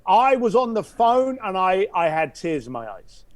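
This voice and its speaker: A man's voice: sits high, normal speed, no echo. A man, a podcast guest, telling an anecdote and acting out the voices in it. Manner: animated storyteller, acts out voices, drops to a hush for effect. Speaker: podcast guest, concierge founder. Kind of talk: storytelling anecdote.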